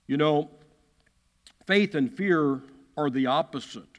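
Pastor guy preaching, punchy and repeats stuff, slightly high voice, big churchy reverb. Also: slow pace. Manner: emphatic, repeats key phrases, acts out quotes. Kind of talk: sermon. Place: church sanctuary. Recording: long hall reverb.

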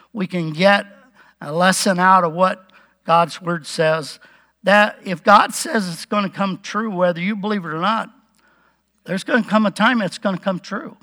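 A man preaching a relaxed Bible-teaching sermon, chuckling now and then and acting out the quotes. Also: high-pitched.

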